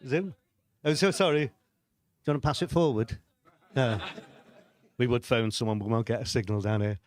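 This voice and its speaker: At a fairly quick pace, a middle-aged man in a mid-range voice delivers stand-up stories from a comedy club stage. His humor is dry and self-deprecating, punctuated by frequent chuckles.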